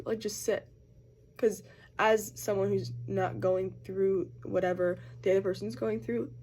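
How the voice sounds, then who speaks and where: With a mid-range, slightly mellow voice and some vocal fry, a young woman chats casually as she gets ready on camera, slight background noise in the mix. The college student vlogger says "like" constantly and acts out the voices she quotes.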